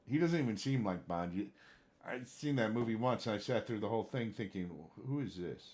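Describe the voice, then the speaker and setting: Male streamer, lowish voice, casual rambling chat that flares up now and then. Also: wildly swooping pitch, normal speed, pauses often. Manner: rambling, gets worked up, trails off searching for names. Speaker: livestream gamer chatting with viewers.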